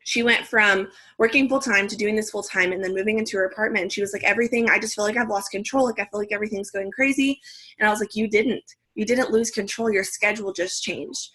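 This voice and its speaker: A young woman leading her team on a video call, speaking in a direct, energetic pep-talk manner. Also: mid-range voice, slightly rough. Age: young adult. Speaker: team leader.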